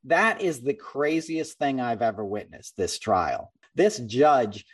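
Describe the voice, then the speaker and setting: A man hosting a podcast, talking bluntly and with energy and slipping into quick mimicry of the people he describes. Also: mid-range voice, breathy edge, recorded from a distance. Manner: blunt, animated, mimics people he talks about. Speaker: podcast host. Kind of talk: casual political chat and storytelling.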